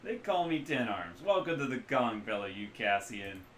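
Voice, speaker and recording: A man voicing a cheerful, hungover, scarred middle-aged man who runs a cybernetic back-alley clinic, speaking loud and boastful with a loose Midwestern accent. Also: mid-range voice, big pitch swings, moderate pace, a little hiss or hum, natural voice. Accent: loose Midwestern American. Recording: roomy echo, faint room ambience.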